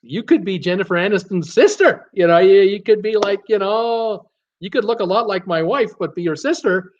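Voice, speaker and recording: In a home room with a computer, a Canadian man with a slight Canadian accent hosts a casual live stream for his cruise channel, reading chat messages aloud. He's chatty, laughing often, full of fillers and restarts. His voice is high and his speed normal, with the highs cut off and a little hiss or hum.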